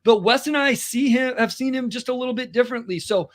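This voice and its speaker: A man co-hosting a basketball podcast, talking in an animated, quick way and reading out listener comments. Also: very high-pitched. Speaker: podcast co-host and high school basketball coach. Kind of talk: casual sports podcast chat.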